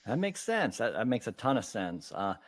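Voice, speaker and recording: A man's voice: mid-range voice, very animated, moderate pace. A man hosting a casual interview, chatty with plenty of fillers and easy laughter. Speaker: podcast host.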